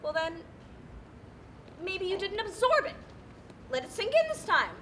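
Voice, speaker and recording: A woman's voice: extremely high pitch, sing-song, unhurried, a bit bright, slight background noise, full character voice. A woman playing a distraught, pestering woman petitioner in a live stage play, whiny and theatrical, recorded on a school stage. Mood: pleading. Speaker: stage actor.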